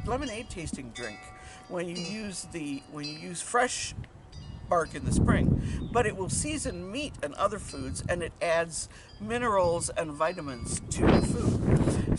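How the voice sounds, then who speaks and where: Woman storyteller with loud background noise. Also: lowish voice. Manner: lively, questions the listeners. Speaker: storyteller and educator. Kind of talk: storytelling to children.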